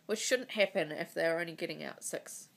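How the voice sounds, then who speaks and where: A woman in her thirties recording a personal video diary on her phone. She is crying, and she talks in a halting, emotional way, with sighs between her words. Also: lowish voice, gravelly. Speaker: vlogger. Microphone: phone mic.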